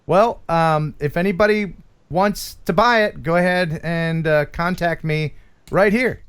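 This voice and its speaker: A man's voice: a little high, unhurried, fairly bright tone, clear, resonant tone. A man hosting a casual livestream chat, joking and teasing his guest. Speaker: host.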